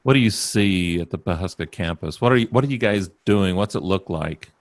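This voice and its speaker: Relaxed low-voiced male podcast host. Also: brisk. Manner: relaxed, joking, rambling questions. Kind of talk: casual podcast interview.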